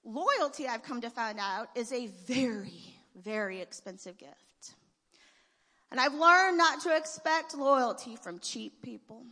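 A woman's voice: a little high, expressive, measured pace, sharp tone. A woman giving an emotional church testimonial, laughing between phrases. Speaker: church member giving a tribute. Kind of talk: heartfelt testimonial speech. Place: church sanctuary. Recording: long reverb of a church hall.

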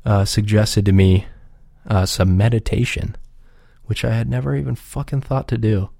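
A man with a lowish, warm, mellow voice, rambling loosely and cursing often as he chats on his own show. His delivery is relaxed and unpolished, recorded close and dry with no room sound. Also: normal speed, gravelly, dry recording. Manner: profane, rambling, laid-back. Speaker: podcast regular. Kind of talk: casual rambling chat.

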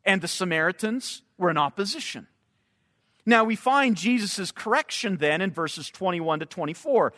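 A man preaching a sermon, slow and emphatic, sometimes repeating words as he searches for the next phrase. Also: high-pitched, expressive, sharp tone. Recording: long hall reverb.

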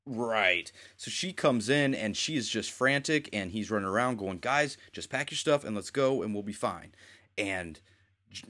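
Man, lowish voice, casual rambling recap, acts out character lines. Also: animated, normal speed, bright, forceful tone. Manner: retells scenes with quoted voices, rambling. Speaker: podcast co-host.

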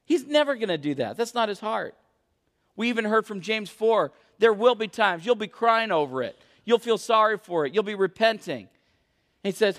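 A man's voice: high voice, a bit bright. A young adult man preaching a sermon as a pastor, earnest and emphatic. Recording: echoey hall.

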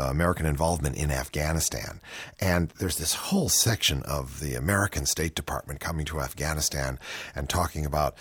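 A man's voice: very deep voice, no echo. A male radio comedy host giving wry, rambling political commentary. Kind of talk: casual political chat.

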